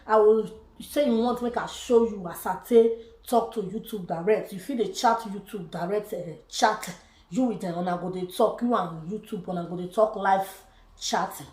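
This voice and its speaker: A Nigerian woman vlogging a joyful testimony, praising God and slipping into pidgin as she talks. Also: mid-range voice. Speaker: YouTuber. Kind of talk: casual vlog testimony. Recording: echoey room.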